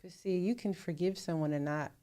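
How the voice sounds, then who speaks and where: Woman in her forties, podcast co-host, lowish voice, direct and probing, pushes back. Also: fairly quick, dark tone. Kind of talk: candid podcast conversation.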